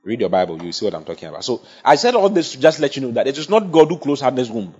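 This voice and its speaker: This sermon comes from a man whose mid-range voice is very animated, racing, a little mellow and slightly rough. He's emphatic, often asking the congregation for agreement, captured in dull lo-fi sound.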